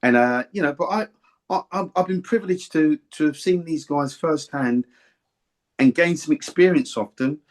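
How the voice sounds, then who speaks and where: An older man, a former boxer, telling rambling, warm-hearted anecdotes in an interview and often repeating himself. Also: fairly high pitch, moderate pace. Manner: rambling, anecdotal, repeats words and "do you see what I mean". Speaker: former boxer and boxing pundit. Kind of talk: reminiscing interview chat.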